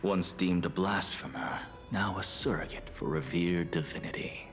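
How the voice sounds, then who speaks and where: A man's voice: deep voice, moderate pace, fairly bright tone, soft background music. An actor playing a proud, aloof male professor in a video game, speaking in a dry, curt, self-assured way.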